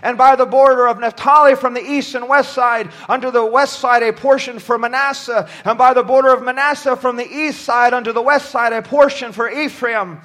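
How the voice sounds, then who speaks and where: A man preaching a sermon from a church pulpit, shouting at times and dropping low at others, often stumbling over his words. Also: steady tone, fairly quick, hardly any pauses. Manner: impassioned, swings from shouting to near-quiet.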